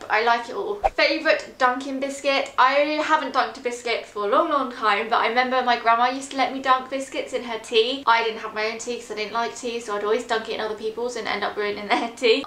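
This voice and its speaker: A woman's voice: on the high side, a bit bright, reverberant, a little hiss or hum. A young woman from England, chatting casually and self-deprecatingly through a question tag on her fashion vlog. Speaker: fashion vlogger.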